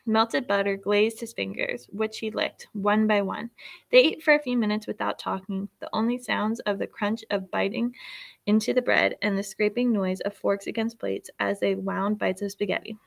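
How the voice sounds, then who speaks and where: A woman reading a children's chapter book aloud in a steady, expressive way. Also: medium pitch, moderate pace, gravelly. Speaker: storyteller. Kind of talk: storybook read-aloud.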